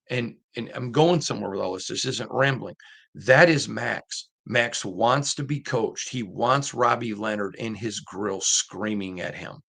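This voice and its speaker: A middle-aged man with a low, gravelly voice hosts a sports commentary show. He talks in an earnest, emphatic way, often repeating his points. His voice has a husky rasp to it. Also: fairly bright tone. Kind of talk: casual commentary monologue.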